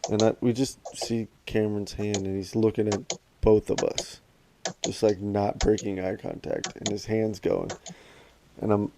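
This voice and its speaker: A man's voice: lowish voice, little pitch movement, a little slow, creaky. A man in his thirties co-hosting a casual podcast, laid-back and swearing freely, laughing often as he chats. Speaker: podcast co-host. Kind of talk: casual chat. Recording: noticeable background noise.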